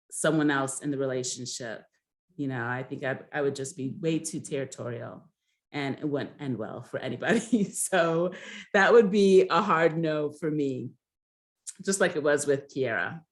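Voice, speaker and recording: A young woman casually recapping a reality show episode, chatty and hesitant, with frequent ums and restarts. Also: sits low. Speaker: recap host.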